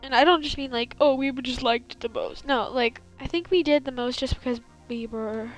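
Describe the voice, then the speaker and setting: A woman's voice: sits high, normal speed, soft background music, rough recording. A young woman streaming a building game, chatting casually and rambling with lots of fillers in a valley girl lilt. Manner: rambling, filler-heavy, self-correcting. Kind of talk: casual chat while gaming.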